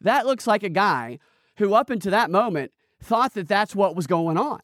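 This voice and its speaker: A man's voice: high voice, animated, moderate pace, a bit bright, no echo. Sarcastic male podcast host, dry sound. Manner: sarcastic, incredulous, laughing asides. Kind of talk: commentary on news clips.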